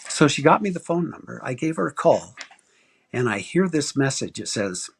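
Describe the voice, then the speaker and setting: A man in his sixties from Arizona, a guest author telling a personal story in a casual interview, animated and acting out quoted voices. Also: normal speed, creaky, breathy edge. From Arizona, USA. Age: 60s. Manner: animated storyteller, acts out quoted voices with big pitch jumps.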